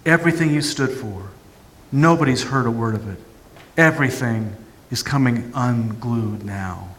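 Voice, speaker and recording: A man's voice: medium pitch, moderate pace, a bit bright, big-room sound, lightly acted, low-quality recording. A man doing a glum resigned pessimist. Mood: gloomy. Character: gloomy pessimist inner voice.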